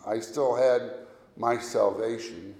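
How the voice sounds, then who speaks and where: A man preaching a sermon as a pastor, speaking deliberately and leading his listeners through recited scripture. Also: medium pitch, steady tone, a little mellow. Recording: echoey room.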